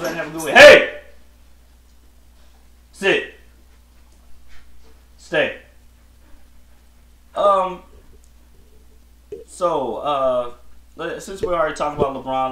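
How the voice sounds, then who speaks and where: Man, solo podcast host, blunt, slangy, rambling, mid pitch, echoey room. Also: a bit bright. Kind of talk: casual solo commentary.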